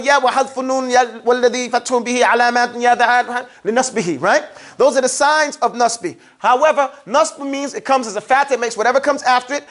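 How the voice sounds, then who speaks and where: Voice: medium pitch, a bit bright. A teacher giving a classroom grammar lesson, drilling students with playful call-and-response questions. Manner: playful, teasing.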